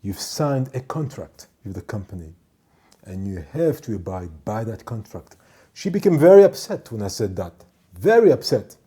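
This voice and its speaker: A man telling a story from his work as a ship's doctor and department head, in a measured, emphatic way that repeats points for stress. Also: fairly low pitch, big pitch swings, warm tone, husky. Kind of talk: storytelling monologue.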